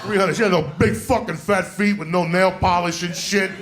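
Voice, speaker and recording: A male stand-up comedian telling a story in a loud, profane way, often shouting. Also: high-pitched, steady tone, moderate pace. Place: comedy club stage. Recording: roomy club recording with crowd laughter. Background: audience laughter and room noise.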